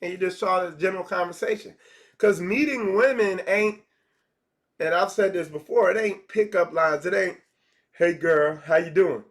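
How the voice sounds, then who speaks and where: A man's voice: sits high, moderate pace, fairly bright tone. A man giving a casual livestream lesson, talking conversationally, repeating phrases and acting out small dialogues. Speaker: spiritual teacher.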